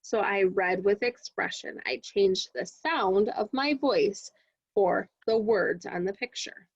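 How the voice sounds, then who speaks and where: A woman teaching a kindergarten reading lesson to children in an expressive, sing-song way. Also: medium pitch, slow, breathy edge, no room sound, lo-fi sound.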